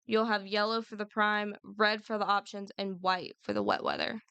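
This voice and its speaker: A woman's voice: mid-range voice, little pitch movement, moderate pace, sharp tone, clear, resonant tone, no echo. A woman co-hosting a podcast in casual chat, laughing often and stumbling a little as she reads notes aloud. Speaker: podcast co-host.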